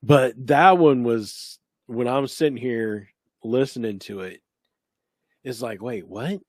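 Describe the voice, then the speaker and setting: A man co-hosting a talk show, feeling his way through each thought, often pausing to find the right word. His voice sits at an ordinary middle pitch. It is recorded close and dry, with no room sound. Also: darkish tone, no room sound. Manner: halting, searching for words. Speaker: radio show co-host. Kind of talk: casual paranormal investigation chat.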